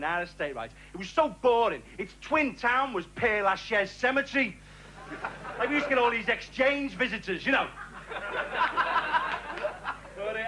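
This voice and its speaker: A man performing a stand-up routine with deadpan, sardonic patter. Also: high voice, a little hiss or hum, rough recording. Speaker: stand-up comedian.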